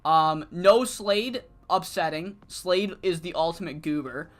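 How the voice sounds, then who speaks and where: Speaking in a mid-range voice at an easygoing pace, this laid-back streamer wanders through commentary on a wrestling management sim. He swears casually and periodically erupts into excited rants about the game.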